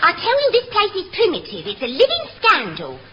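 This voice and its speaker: A woman's voice: extremely high pitch, huge pitch swings, fairly quick, over a noisy crowd, exaggerated voice. An actress playing a young office girl, chatty and complaining, in a radio sitcom. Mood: grumbling. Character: grumbling young office girl, cheeky and fed up. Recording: dull noisy old radio recording.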